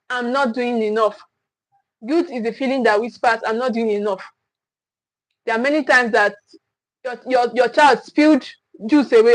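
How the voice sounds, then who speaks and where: High-voiced woman giving earnest parenting advice. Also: dry recording, poor audio. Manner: earnest, repeats phrases, acts out parents' voices. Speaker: parenting coach. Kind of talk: livestream parenting talk.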